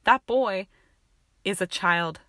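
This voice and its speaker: A woman voicing a sullen, dour male wizard teacher who speaks calmly with a drawl. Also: on the low side, a little fast, dry recording, studio quality. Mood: calm, firm. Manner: calm, drawling.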